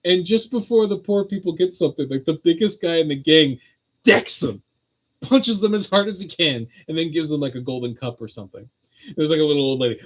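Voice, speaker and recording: Brisk and expressive, a man with a somewhat high voice hosts a religious livestream despite poor audio. He meanders casually from point to point, often breaking into laughter in a chat-like way.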